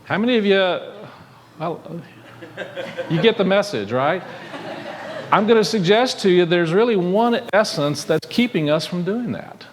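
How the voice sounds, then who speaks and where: Man preaching a conversational sermon. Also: a little high. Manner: conversational, asks the congregation questions. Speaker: minister. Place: church sanctuary.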